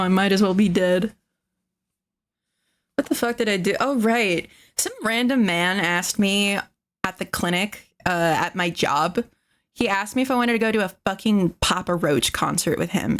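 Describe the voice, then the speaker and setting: A woman's voice: mid-range voice, moderate pace. A young adult woman streamer chatting casually with her live chat, rambling and sarcastic, swearing a lot.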